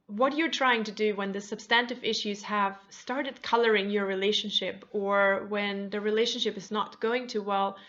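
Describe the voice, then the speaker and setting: A woman with a fairly high voice teaches negotiation in a clear, explanatory way. The recording sounds dull and lo-fi. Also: a bit bright. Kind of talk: scripted lecture.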